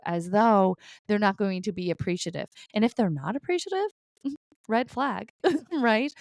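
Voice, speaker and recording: A woman's voice: medium pitch, lively intonation, normal speed, dry recording. A middle-aged woman, a psychic medium, talking viewers through weekly guidance in a reassuring, chatty way, often checking in with "okay?" and "right?". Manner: laughs lightly between points. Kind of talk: casual spiritual guidance talk to viewers.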